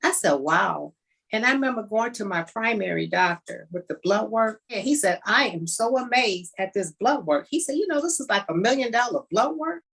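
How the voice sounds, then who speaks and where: A woman's voice: mid-range voice, animated, moderate pace, vocal fry, a bit bright, slightly rough. A middle-aged woman from the United States, a kidney donor, telling her story in an emotional way and acting out old conversations in quotes. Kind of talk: personal storytelling.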